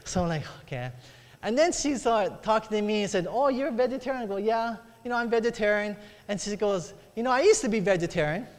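The speaker is a middle-aged preacher with a high-pitched, expressive voice who talks fast. He shares a personal story in his sermon, voicing the characters himself and calling for amens from the congregation. Long hall reverb fills the recording.

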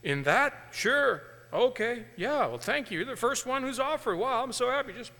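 A man's voice: very high voice, lively intonation, normal speed, sharp tone, voice pushed up, heavily acted. A preacher putting on the voice of a kindly old male farmer, friendly and eager, with a long hall reverb.

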